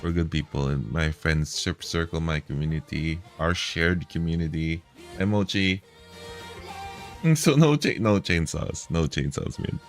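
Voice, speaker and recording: A man's voice: rumbling low, a little slow, soft background music. A man streaming a reaction video, talking in a heated, profane, repetitive way.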